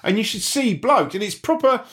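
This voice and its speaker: A man hosting a banter podcast, telling crude travel stories in a rowdy way. His voice sits a little high and his pitch leaps all over the place. He keeps slipping into quick impressions of the people he talks about. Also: expressive, fairly bright tone. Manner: rowdy storytelling with quoted voices. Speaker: podcast host. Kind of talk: crude banter between friends.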